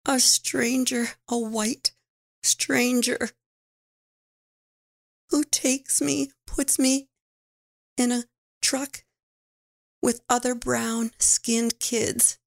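A woman speaking as a frightened six-year-old girl taken from home, halting and pleading, at times whispering. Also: fairly high pitch, steady tone, gravelly, heavily acted.

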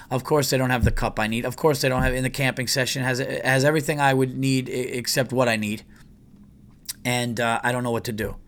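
A man telling a long story in casual podcast chat, profane and animated, jumping into exasperated quoted asides. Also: medium pitch. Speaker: podcast host.

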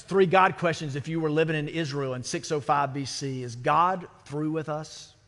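A man's voice: a little high, a bit bright. A man preaching a sermon as pastor, conversational and full of rhetorical questions. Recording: church sanctuary with long reverb.

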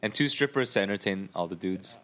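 A man's voice: deep voice, lively intonation, a little fast, fairly bright tone, clean tone. A man co-hosting a casual chat, asking teasing questions and joking around.

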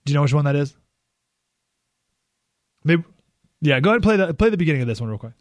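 Male American talk radio host, lively swooping delivery, fairly high voice, dry close mic. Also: quick pace, no echo. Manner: animated, swings between loud and hushed emphasis.

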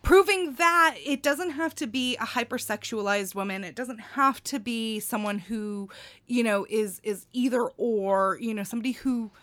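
A woman's voice: on the high side, normal speed, fairly bright tone. A woman hosting a podcast, talking casually with many restarts and filler phrases. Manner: rambling, many you-knows and restarts. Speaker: podcast host.

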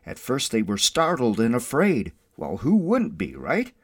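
A man preaching an online Easter sermon as a pastor, swinging from soft and mournful passages to loud, jubilant peaks. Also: mid-range voice, huge pitch swings, a little slow, husky, no room sound, clean studio sound.

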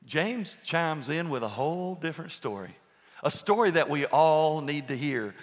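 A man preaching a sermon to his church, firing rhetorical questions and swinging between loud and hushed delivery. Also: on the high side, lively intonation, normal speed, long reverb tail. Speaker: pastor. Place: church sanctuary.

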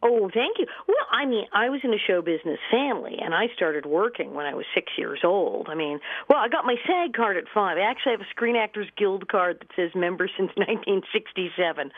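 A woman's voice: medium pitch, animated, brisk, no room sound. A woman in her fifties, a guest actress and comedian, telling stories in a radio interview and laughing often. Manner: chatty storyteller, laughs often. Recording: phone-line call-in.

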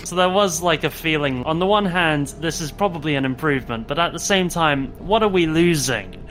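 A man's voice: fairly high pitch, brisk, a bit bright. A man co-hosting a casual podcast about video games, chatty and filling his talk with "like". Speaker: podcast co-host.

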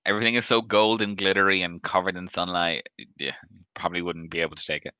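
A man's voice: deep voice, level tone, quick pace, sharp tone, smooth, no room sound, dull audio. A man running a tabletop game as game master, describing scenes in a laid-back way and laughing easily.

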